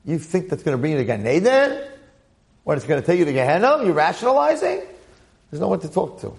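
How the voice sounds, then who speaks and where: Gravelly man giving an animated Torah class. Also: on the high side, quick pace. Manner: animated storytelling with repeated phrases and acted quotes. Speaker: rabbi teaching the weekly Torah portion.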